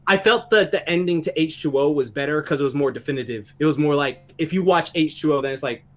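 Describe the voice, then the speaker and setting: A man with a somewhat high voice, chatting on a live podcast. He rants in an animated, loose way and swears often. Casual home-mic talk. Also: fast talker. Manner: animated ranting with frequent profanity. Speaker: podcast co-host. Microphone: home microphone, live online show.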